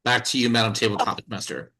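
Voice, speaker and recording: A man's voice: on the low side, quick pace, creaky, sharp tone, rough recording. A man who teaches English giving a confident impromptu speech at a club meeting.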